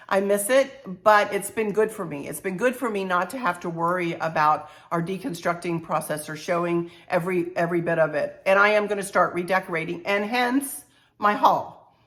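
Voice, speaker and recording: An older woman with a head cold, talking to camera about her home decor channel in an unhurried, heartfelt, chatty way. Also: mid-range voice, a bit bright. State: stuffy-nosed with a cold. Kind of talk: casual heartfelt talk to camera.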